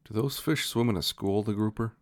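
A man co-hosting a podcast, telling quick offhand stories and swearing casually. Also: on the low side. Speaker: podcast co-host. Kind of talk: casual comedic chat.

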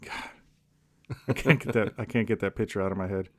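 A man co-hosting a podcast, cracking deadpan jokes in casual rambling chat. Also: fairly low pitch, fairly quick. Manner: deadpan jokey, rambling with restarts. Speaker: podcast co-host.

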